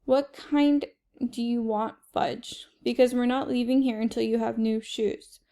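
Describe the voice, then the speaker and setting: A woman's voice: a little high, fairly even intonation, unhurried, mellow. A woman reading aloud and voicing a fussy, worried mother who frets and insists. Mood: firm. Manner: fretful, insistent.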